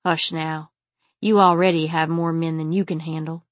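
A woman reading the part of a wise, calm man who speaks firmly and softly in an audiobook. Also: sits low, moderate pace, dry recording, natural voice. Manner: firm, soothing. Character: calm, wise adult male guide.

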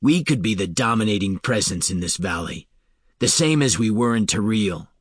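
A man's voice: lowish voice, animated, normal speed, husky, no echo, studio quality. A man voicing a proud, bitter male aristocrat who snarls his words with contempt in an audiobook. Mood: scornful.

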